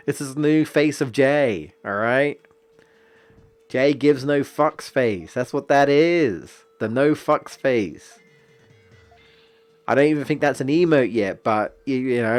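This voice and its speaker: Profane, ranting young male game streamer. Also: medium pitch. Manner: profane, exasperated, jokey rants. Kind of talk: casual gaming stream commentary.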